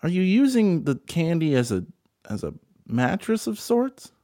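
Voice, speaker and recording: A man hosting a comedy show, playing a patient straight man who calmly questions and corrects his guest. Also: fairly high pitch, unhurried, dry recording, clean studio sound. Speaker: host. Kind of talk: comedy podcast chat.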